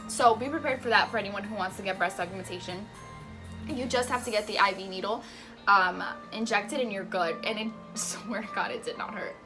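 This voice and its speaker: A young woman telling a personal story in a casual vlog, acting out the voices of the people in it, laughing often and dropping to a hush at tense moments. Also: fairly high pitch. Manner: animated, acts out the voices in her story. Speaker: patient telling her surgery story.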